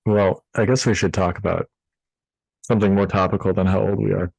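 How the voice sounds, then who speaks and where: A man's voice: deep voice, steady tone, brisk, gravelly, a little mellow, husky, no echo. A man co-hosting a podcast in casual chat, easygoing and steering the conversation. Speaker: podcast co-host.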